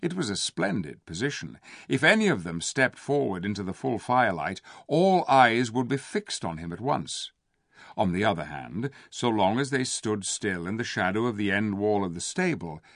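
Gravelly, expressive male storyteller. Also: fairly low pitch, normal speed, no echo, studio quality. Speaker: audiobook narrator. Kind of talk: scripted narration.

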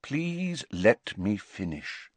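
A man reading aloud and voicing a calm, grave elderly wizard headmaster in a quiet, measured way. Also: lowish voice, slightly rough, dry recording, full character voice.

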